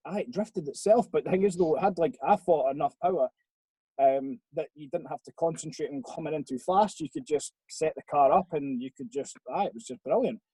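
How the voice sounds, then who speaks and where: A man's voice: fairly high pitch, brisk, warm tone, husky, no echo, poor audio. A young Scottish man on a video call, telling a rambling, sweary story in casual chat. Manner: rambling, sweary, laid-back. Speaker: podcast guest.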